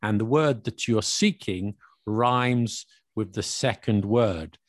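A man's voice: lowish voice, takes it slowly, no echo. A man hosting a casual lesson, explaining slang with worked examples and chuckling now and then.

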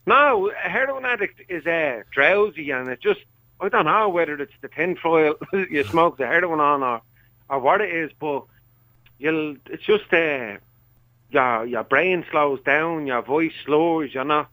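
Bright-voiced Dublin man calling in. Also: a little high, expressive, measured pace, no echo, low-quality recording. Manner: frank and easygoing, with a laugh. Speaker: radio caller. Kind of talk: casual phone-in chat.

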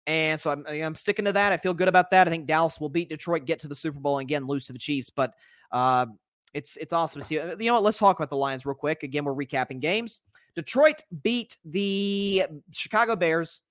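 A man hosting a casual solo sports podcast, talking in an animated, rambling way with many restarts. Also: a little high, brisk, no room sound, studio quality. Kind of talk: casual solo sports commentary reading live comments.

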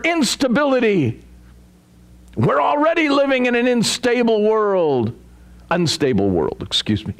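A man preaching a sermon as a pastor, animated and acting out quoted asides. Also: high voice.

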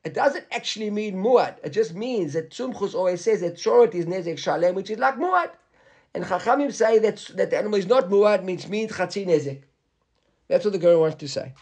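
A man's voice: high voice, expressive, fairly quick, darkish tone, husky. A man teaching a Talmud class, explaining step by step and often checking with "right?", mixing English with Hebrew and Aramaic terms.

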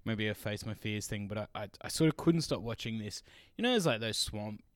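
Animated, laughing Australian man. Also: on the low side, a little fast, no echo. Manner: animated storyteller, laughs often, swears freely. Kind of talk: casual podcast chat.

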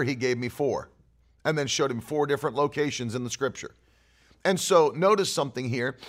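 A man preaching a sermon, telling a story earnestly and repeating key phrases for emphasis. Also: mid-range voice. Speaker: pastor. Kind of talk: sermon teaching.

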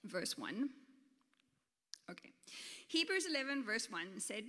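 A woman's voice: a little high, sing-song, takes it slowly, pauses often, pushed and bright, long reverb tail. A woman teacher giving a playful storytelling sermon, laughing often and talking informally. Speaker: teacher and guest speaker.

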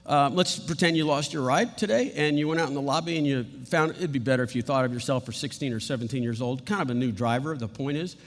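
A man's voice: medium pitch, fast talker, few pauses. A man preaching a sermon as pastor, earnest and prone to repeating words as he restarts. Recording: long hall reverb.

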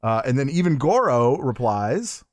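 A man's voice: mid-range voice, big pitch swings, measured pace, slight background noise. A man in casual podcast chat about a film, reading its lines aloud and laughing often. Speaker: podcast co-host. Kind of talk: casual movie commentary chat.

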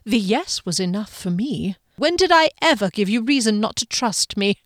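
A woman voicing a calm scheming man. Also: medium pitch, moderate pace, no echo, clean studio sound, close to an everyday voice. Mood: reasonable. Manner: smooth, reasonable, unbothered. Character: calm scheming tall male gardener-mastermind. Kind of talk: audiobook character voice.

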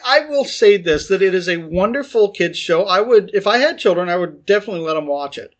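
A man's voice: high voice, lively intonation, fairly quick. A man co-hosting a podcast in casual banter, telling stories animatedly and laughing often. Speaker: podcast co-host.

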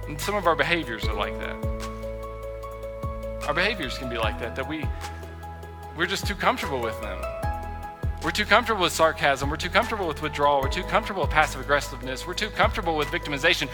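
A man's voice: a little high, animated, quick pace, pauses often. A man preaching a sermon as a pastor, telling everyday stories and acting out small scenes. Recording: long hall reverb, faint music.

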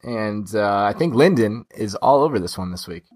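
A man's voice: on the low side, animated, normal speed. A man hosting a casual film podcast, chatty and repeating words as he talks to listeners. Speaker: podcast host.

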